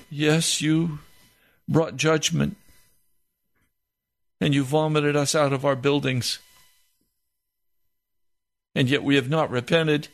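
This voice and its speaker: A man pours out an impassioned prayer, pleading and heavy-hearted. His voice is gravelly and sits fairly high, and he speaks very slowly. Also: steady tone.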